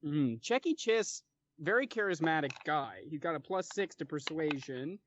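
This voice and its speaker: A man playing a tabletop role-playing game, talking in a halting way with many fillers. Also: fairly high pitch, lively intonation, a bit bright, slight background noise. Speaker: player. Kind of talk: tabletop role-play, casual.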